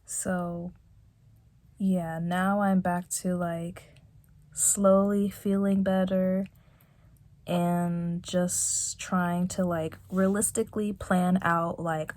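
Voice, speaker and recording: Young woman vlogging from her bedroom, lowish mellow voice, soft and halting. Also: flat delivery, no echo. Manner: soft, halting, many fillers and restarts. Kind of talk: reflective personal vlog.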